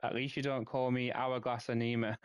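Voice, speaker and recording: A man with a Yorkshire accent chatting casually with viewers while streaming a game, friendly and quick to laugh, stumbling over names. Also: mid-range voice, clear, resonant tone, dry recording, highs cut off.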